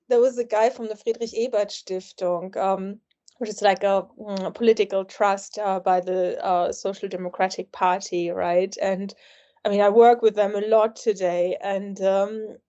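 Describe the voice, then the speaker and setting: A woman in her forties speaks English with a German accent in a mellow, warm tone, spinning lively anecdotes full of restarts. The audio is slightly lo-fi and dull. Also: mid-range voice. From East Germany. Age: 40s. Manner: lively storytelling with frequent restarts and acted quotes. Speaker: guest, journalist. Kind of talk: casual interview conversation.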